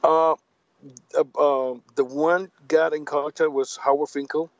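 A man from Puerto Rico, a native Spanish speaker with a Puerto Rican accent, talking in a casual interview in halting, repetitive English. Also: fairly high pitch, level tone, no room sound, highs cut off. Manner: halting, repeats words, drops grammar. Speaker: guest.

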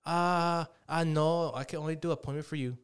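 A man's voice: on the high side, fairly even intonation, normal speed, clean tone, pitched above the performer's own voice, lightly acted. A man voicing a brusque female clinic receptionist who brushes off a caller in a clipped, dismissive way.

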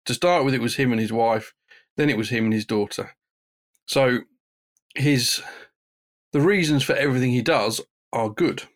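A man's voice: mid-range voice, normal speed, long pauses. Rambling man chatting about films. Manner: rambling, searches for names. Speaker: podcast co-host. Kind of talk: casual chat.

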